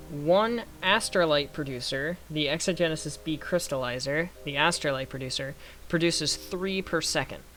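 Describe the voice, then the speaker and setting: A young man giving casual gameplay commentary, thinking aloud through numbers and getting excited when things work. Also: on the high side. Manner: excited bursts. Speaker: gaming youtuber. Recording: faint background noise.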